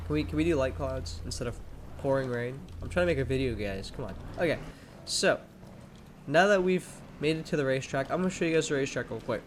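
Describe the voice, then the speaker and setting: A man's voice: mid-range voice, a little hiss or hum. A young man hosting a gaming channel, giving casual, rambling commentary full of fillers and restarts while sounding a little sleepy. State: sleepy, yawning.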